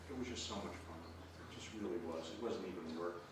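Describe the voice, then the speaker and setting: A low-voiced man speaking at a memorial, stumbling and repeating words as he talks. He is far from the mic in a very echoey chapel with clear background noise. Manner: halting, repeats words, heartfelt. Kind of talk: memorial tribute speech. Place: funeral home chapel. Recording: echoey, noisy room from far off.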